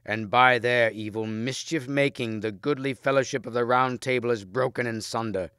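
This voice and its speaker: A man's voice: mid-range voice, normal speed, sharp tone, clean tone, no room sound, clean studio sound, close to an everyday voice. A man voicing a courteous, proud knight who speaks in an earnest, formal, raised voice.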